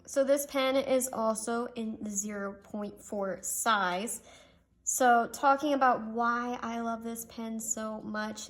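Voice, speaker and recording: A young woman chatting casually through a pen review, gushing and making self-deprecating asides. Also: mid-range voice. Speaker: stationery reviewer.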